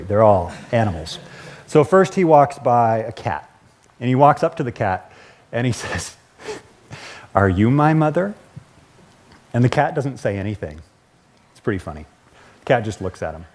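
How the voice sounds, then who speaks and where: A man's voice: medium pitch, animated, moderate pace, darkish tone. A male pastor giving a casual, conversational sermon, chuckling and correcting himself as he goes.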